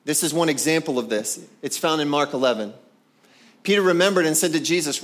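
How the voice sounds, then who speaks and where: A man preaching a sermon, animated and conversational, acting out scripture scenes with playful voices. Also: fairly high pitch, brisk. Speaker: pastor.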